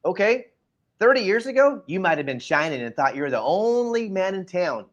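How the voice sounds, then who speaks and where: A man's voice: sits high, very animated, fairly quick, lo-fi sound. A man co-hosting a casual talk show, ranting bluntly and lecturing the listener directly. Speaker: podcast co-host.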